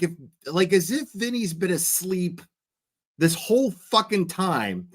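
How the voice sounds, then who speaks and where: A man's voice: sits high, a bit bright. A man hosting a livestream, reacting to a clip with sarcastic, profane ranting and lots of fillers while chewing gum. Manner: chews gum while talking. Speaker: livestream host.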